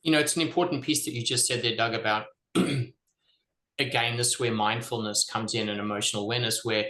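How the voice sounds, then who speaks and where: A man's voice: mid-range voice, fairly even intonation, a little fast, bright, forceful tone. Male podcast guest, thoughtful explainer, roomy echo on the voice. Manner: thoughtful, explanatory, frequent "you know". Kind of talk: casual reflective chat. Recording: echoey room.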